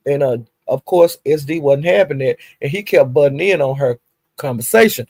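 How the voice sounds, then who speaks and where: A woman's voice: deep voice, normal speed, darkish tone, husky, no room sound. Woman, gossip vlogger, chatty, cussing freely, chuckles between stories, dry close sound. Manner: chatty, profane, laughing asides. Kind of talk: casual gossip storytelling.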